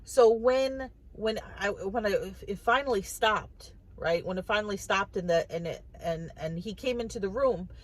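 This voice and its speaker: A woman's voice: medium pitch, normal speed, hardly any pauses, rough recording. A woman vlogger talking casually to the camera, telling a personal story in a chatty way, often repeating and restarting her words.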